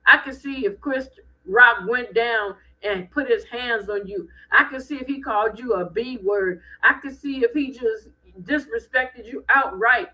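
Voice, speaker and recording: A woman hosting a live stream, giving blunt, animated commentary with speech. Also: on the high side, unhurried, rough recording. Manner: animated, blunt, preachy ranting.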